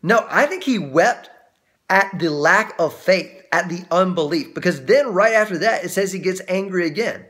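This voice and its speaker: Here a male pastor works through a Bible passage at a moderate pace, his voice high. The delivery is conversational with many restarts, turning animated when he voices quoted speakers.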